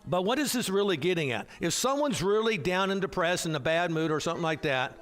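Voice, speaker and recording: A man's voice: high voice, expressive, brisk, fairly bright tone. A man teaching an adult Bible class in a casual, digressive way, with frequent restarts and fillers. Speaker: hospital chaplain.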